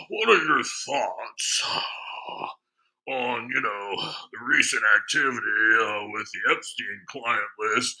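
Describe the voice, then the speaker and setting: A man's voice: mid-range voice, vocal fry, sharp tone, exaggerated voice, rough recording. A man doing a stiff, fawning polite questioner. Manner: mock-formal, halting, exaggeratedly deferential. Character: stiff overly polite male citizen questioning a congressman.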